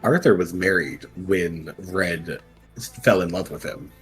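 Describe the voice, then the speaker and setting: Very deep-voiced man, sheepish. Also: unhurried, breathy edge, faint music behind. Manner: sheepish and defensive, stammers and repeats himself. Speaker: podcast guest. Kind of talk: casual podcast chat.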